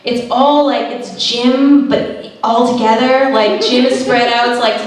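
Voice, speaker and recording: Young woman stand-up comic, high voice, self-deprecating, recorded from the back of a big echoey room. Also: a little slow, slight background noise. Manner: self-deprecating, animated voices for quoted people. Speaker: stand-up comedian. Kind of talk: stand-up comedy set. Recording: roomy echo, heard from a distance.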